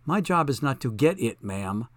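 A patient, dutiful chauffeur, voiced by a man, who answers every outburst with calm, steady replies. The reading stays close to the narrator's own mid-pitched voice, recorded dry and close. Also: normal speed, dry recording, lightly acted. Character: calm, loyal male chauffeur and bodyguard.

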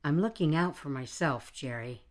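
A middle-aged homemaker who speaks firmly and defiantly, her voice low, as a woman narrator reads her part. She sounds stubborn and set on her course. She is a figure in an audiobook story. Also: moderate pace, lightly acted. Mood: resolute. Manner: firm, defiant. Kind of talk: audiobook dialogue reading.

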